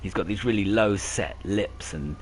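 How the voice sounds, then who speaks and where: A man with a deep, low voice chatting casually during a racing game. He wanders through his points with eager enthusiasm. His headset voice chat carries clear background noise. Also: normal speed, low-quality recording. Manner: rambling, enthusiastic about accents. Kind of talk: casual chat while gaming.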